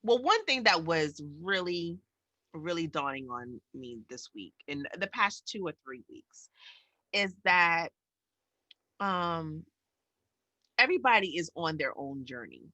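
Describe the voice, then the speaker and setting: Lively, bright-voiced woman from New York. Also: fairly low pitch, takes it slowly, no echo. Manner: animated storyteller, acts out voices and reactions. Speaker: podcast co-host. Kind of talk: casual podcast chat.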